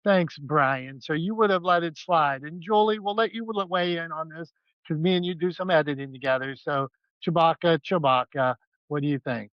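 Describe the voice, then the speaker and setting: Podcast co-host, a man with a high voice and a joking, self-mocking manner; dry, slightly muffled audio. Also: fairly quick, no room sound. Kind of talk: casual podcast banter.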